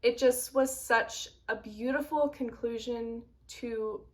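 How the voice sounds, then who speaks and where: Young woman book vlogger, high voice, gets all dramatic and worked up. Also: slow. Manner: animated, dramatic outbursts of mock outrage. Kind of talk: casual reaction vlog.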